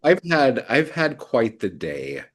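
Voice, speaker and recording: A man's voice: medium pitch, big pitch swings, slow, a bit bright. A man co-hosting a casual podcast, laid-back and teasing. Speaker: podcast co-host. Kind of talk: casual chat.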